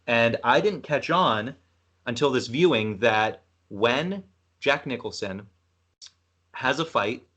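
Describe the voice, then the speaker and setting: A man's voice: medium pitch, lively intonation, slow, pushed and bright. A man from Canada hosting a podcast, rambling through a film retelling in casual chat. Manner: rambling, retells film scenes with acted quotes. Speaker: podcast host.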